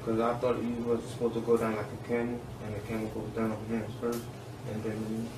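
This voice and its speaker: A man's voice: lowish voice, completely flat delivery, brisk. A man in the audience of a class earnestly asking the teacher a question. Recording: distant mic in echoey room, hiss.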